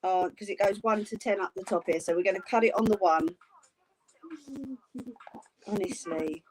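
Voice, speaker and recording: A woman's voice: mid-range voice, normal speed, noisy background. A middle-aged British woman hosting a live craft stream from her home craft room, chatting, teasing and laughing with family off camera as she works. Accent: British English. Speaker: craft channel host.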